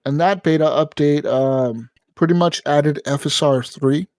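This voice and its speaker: Profane, animated man telling gaming stories. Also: a little high, a little slow, no echo. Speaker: podcast co-host. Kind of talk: casual gaming podcast chat.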